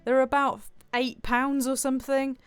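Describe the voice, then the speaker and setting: A woman's voice: high voice, little pitch movement, measured pace, smooth, no room sound, soft background music. A woman streaming a cooking game, chatting playfully and reading viewer comments aloud. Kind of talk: casual gameplay commentary.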